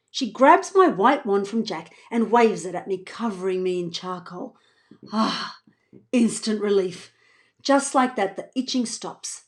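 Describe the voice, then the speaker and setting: A woman author reading her children's book aloud in an expressive, playful voice. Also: mid-range voice, unhurried. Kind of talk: children's storybook read-aloud.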